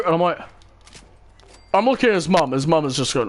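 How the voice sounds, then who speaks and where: A man's voice: fairly high pitch, animated, fast, long pauses, a little hiss or hum. A young man, casually telling a rambling story with swearing and acted-out quotes. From New Zealand. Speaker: channel host. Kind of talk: casual storytelling while gaming.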